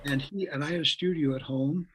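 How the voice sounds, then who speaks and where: A man's voice: a little high, brisk, a bit bright, a little hiss or hum, rough recording. Rambling older man telling a story. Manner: rambling, repeats words, acts out quoted voices. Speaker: guest musician. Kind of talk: anecdotal storytelling.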